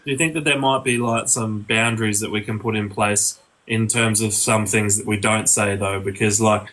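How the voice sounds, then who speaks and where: A man challenging another streamer calmly and hesitantly, filling his talk with "like". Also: on the low side, normal speed, poor audio. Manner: calm, hesitant, filler-heavy, says like a lot. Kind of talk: casual chat.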